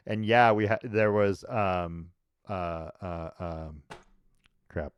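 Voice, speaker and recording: A man hosting a sports talk show in a loose, rambling way. His voice sits a bit low. The sound is dry and close, with no room echo. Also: slow pace, clear, resonant tone. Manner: rambling, with frequent restarts and laughs. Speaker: sports podcast host. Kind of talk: casual sports chat.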